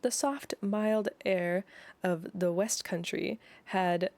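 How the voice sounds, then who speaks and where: Young woman streamer, casual read-aloud, unhurried with a dry sound, giggles and self-corrects. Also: mid-range voice, a little mellow, no echo, soft background music. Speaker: streamer reading a novel aloud.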